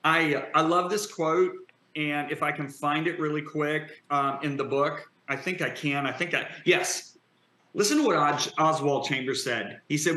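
A man's voice: fairly high pitch, normal speed, pushed and bright. Fervent preacher man in an echoey room. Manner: emphatic, builds to impassioned declarations. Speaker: guest preacher.

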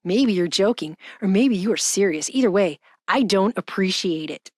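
A woman's voice: medium pitch, lively intonation, moderate pace, darkish tone, dry recording, studio quality, natural voice. Stubborn chatbot, read by a woman. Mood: insistent. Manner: insistent, repetitive, falsely polite. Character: stubborn, self-righteous chatbot.

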